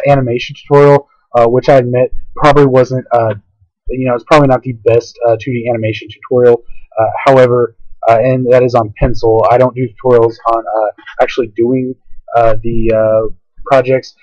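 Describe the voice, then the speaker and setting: A man casually explaining software in a tutorial, rambling with many fillers, recorded at home on a laptop. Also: medium pitch, no room sound, lo-fi sound. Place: home, by a window. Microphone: laptop mic.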